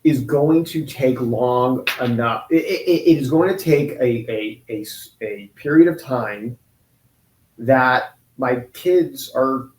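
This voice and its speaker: A man in his forties telling a painful personal story in an interview, halting and restarting often. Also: medium pitch, a little mellow, a little hiss or hum. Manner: halting, with many restarts and pauses. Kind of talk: emotional personal account in an interview. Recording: roomy echo.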